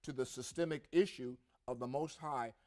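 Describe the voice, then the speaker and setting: A man's voice: medium pitch, normal speed, darkish tone. A man co-hosting a religious podcast, reading scripture aloud with rising emphasis and adding his own comments. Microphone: podcast mic.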